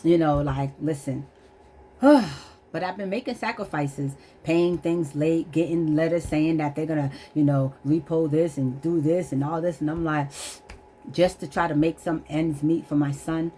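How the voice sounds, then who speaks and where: Vlogger, woman, middle-aged, low voice, earnest and emotional, near tears, faint background noise. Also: a little slow, dark tone. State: holding back tears. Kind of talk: candid personal testimony to camera.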